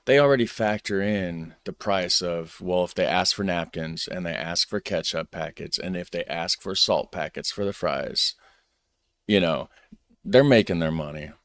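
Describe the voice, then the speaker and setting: Deep-voiced American man, dry sound. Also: moderate pace, a bit bright, dry recording. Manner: rambling, chuckling, laid-back. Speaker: reaction video host. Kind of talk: casual commentary.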